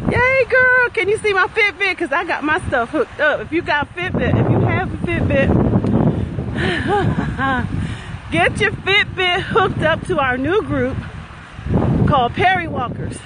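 An upbeat, high-voiced woman hosts a chatty walking livestream as a wellness facilitator, cheering along while striding briskly. She's outdoors in a lakeside garden with traffic nearby, recorded on a phone that picks up the traffic noise.

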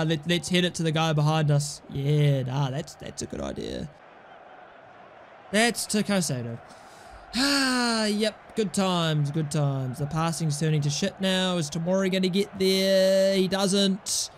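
Young guy ranting over his gameplay, highish voice, sarcastic and annoyed, faint hum behind. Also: lively intonation, measured pace, fairly bright tone. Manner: exasperated, sarcastic, swears a lot. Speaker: gaming channel host. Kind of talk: casual gameplay commentary.

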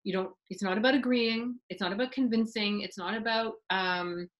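A middle-aged woman teaching a parenting webinar, explaining with lively asides and acted-out examples. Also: mid-range voice, normal speed, rough recording. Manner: animated, acts out parent and child voices mid-explanation. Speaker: parenting therapist giving a webinar.

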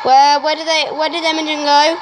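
High-pitched excitable gaming woman. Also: brisk, over music. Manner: excitable, exclaiming and talking to viewers. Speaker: gaming YouTuber. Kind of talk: casual let's-play commentary.

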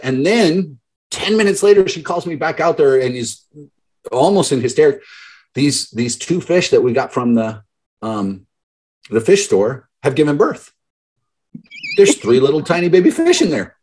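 A man's voice: mid-range voice, expressive, moderate pace, a little mellow, husky. A man in his thirties, a business mentor, telling stories in a motivational talk to a group call and acting out the voices of the people he quotes. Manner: storytelling, acts out quoted voices.

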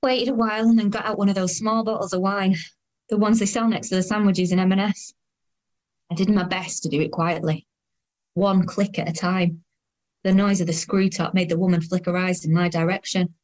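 Spoken by an actress, a weary woman of thirty-two narrates her train journey in a radio play, with a dry, sardonic voice. Her speech sits at a middling pitch and stays understated and wry. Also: fairly even intonation, brisk, darkish tone, close to an everyday voice. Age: 30s. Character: weary, self-conscious woman of 32, quietly sardonic. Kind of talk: first-person audio drama narration.

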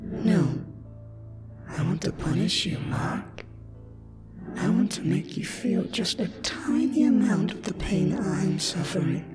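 A man's voice: high voice, animated, slow, creaky, over music, voice pushed up, full character voice. A man voicing a mutilated, possessed little girl who taunts and threatens in a scripted horror story reading. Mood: vengeful menace. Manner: pleading, then snarling taunts.

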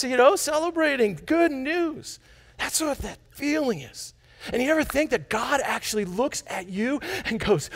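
High-voiced guy preaching a sermon, gravelly, excitable, jokes with the crowd, stumbles and restarts a lot. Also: moderate pace. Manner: enthusiastic, bursts out with loud exclamations; chatty asides and joking with the congregation. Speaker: pastor. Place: church sanctuary.

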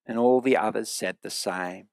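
A man preaching a sermon in a church, earnest and emphatic, slowing down to repeat key phrases. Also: on the low side, gravelly, darkish tone, no room sound, clean studio sound.

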